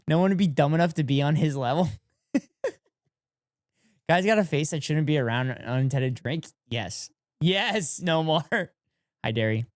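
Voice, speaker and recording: A man streaming live, giving casual reaction commentary to his chat in an excitable way, repeating phrases and laughing often. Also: a little high, moderate pace, long pauses, dry recording, studio quality.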